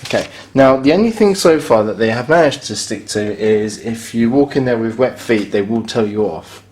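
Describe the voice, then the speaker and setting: A man's voice: medium pitch, animated, moderate pace, darkish tone. A man with an ordinary, mid-range voice talks his way through a hotel review as he films. He is blunt and a little sarcastic, grumbling about broken fittings in a casual, offhand way. The sound is that of a handheld camera in a hotel room. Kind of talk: casual spoken review while filming.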